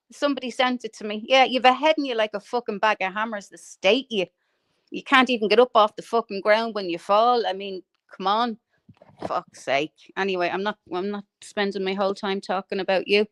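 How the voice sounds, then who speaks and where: A woman's voice: mid-range voice, brisk, dry recording, studio quality. A woman hosting a livestream, ranting in a foul-mouthed, mocking way and laughing at her own insults. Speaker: livestream host.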